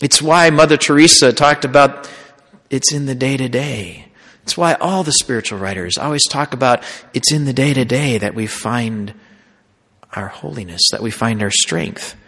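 Man, priest, sermon, storytelling, middle pitch, echoing hall. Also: moderate pace. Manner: storytelling preacher, dramatic swings from loud to hushed. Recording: long hall reverb.

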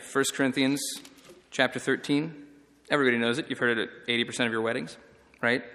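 A man's voice: mid-range voice, long reverb tail. A man, a priest, giving a conversational teaching talk on reading scripture, often checking in with "right?". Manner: conversational, animated, frequent "right?" tags.

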